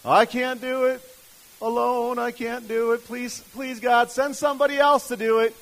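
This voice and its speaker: A man's voice: fairly high pitch, normal speed, close to an everyday voice, low-quality recording. A man voicing a reluctant, self-doubting man who whines and pleads to get out of a task. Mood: pleading. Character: reluctant, whiny adult man pleading with God.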